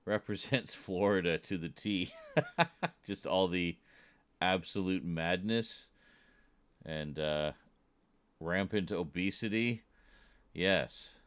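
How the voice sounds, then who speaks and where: A man's voice: low-pitched, takes it slowly, long pauses, fairly bright tone, clean tone. A British man streaming, chatting casually with his chat and joking, often chuckling at his own jokes. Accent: British English. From Britain.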